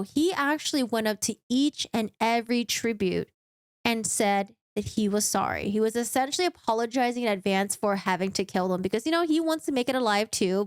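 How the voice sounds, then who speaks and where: A woman's voice: fairly high pitch, smooth, no room sound, clean studio sound. A woman giving a chatty, casual book recap with frequent asides and fillers.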